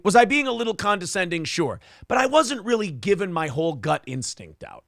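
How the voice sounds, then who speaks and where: A man's voice: high voice, sing-song, brisk, few pauses, a bit bright, no room sound, clean studio sound. A man hosting a casual podcast, telling stories animatedly and slipping into funny voices for the people in them. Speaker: podcast host.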